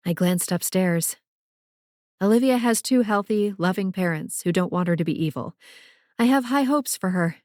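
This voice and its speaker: A woman's voice: mid-range voice, lively intonation, moderate pace, a little mellow, no room sound. A woman narrating a first-person novel for an audiobook in a dry, wry way, on a close studio mic.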